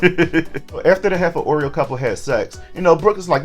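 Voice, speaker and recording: A man's voice: a little high, a little fast, over music. A young adult man chatting candidly through a casual recap, with joking asides. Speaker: horror TV recap vlogger.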